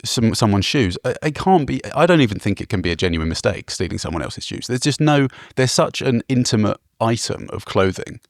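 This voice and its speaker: A man co-hosting a podcast, talking in a wry, measured way. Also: mid-range voice, sing-song, no room sound, clean studio sound. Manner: wry, measured, mock-philosophical. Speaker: podcast co-host. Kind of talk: casual chat.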